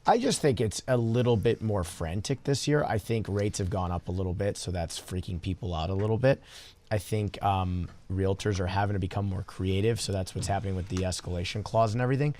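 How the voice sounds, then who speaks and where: A man, a real estate broker, talking in a relaxed casual panel chat and telling stories. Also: low-pitched, fairly quick, slight background noise. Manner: storytelling, relaxed, repeats words.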